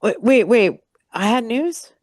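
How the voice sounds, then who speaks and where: A woman chatting on a casual podcast, giggling as she talks. She speaks slowly with a lively, swinging pitch, and her voice sounds dry and close. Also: dry recording. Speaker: podcast guest. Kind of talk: casual chat.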